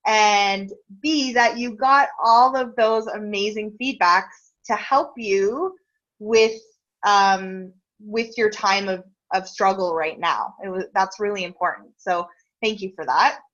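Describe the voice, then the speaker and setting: A woman's voice: medium pitch, slow pace, a bit bright, muffled recording. A woman hosting a casual interview over a video call, earnest and grateful, talking openly and getting emotional. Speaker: interview host.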